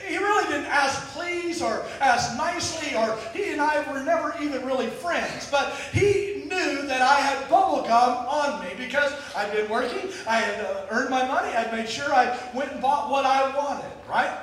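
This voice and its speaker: A man preaching a sermon, telling stories and moving between sudden shouts and quiet drops, often repeating words as he restarts. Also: very high voice, normal speed, hardly any pauses. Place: church. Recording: echoey hall from far off.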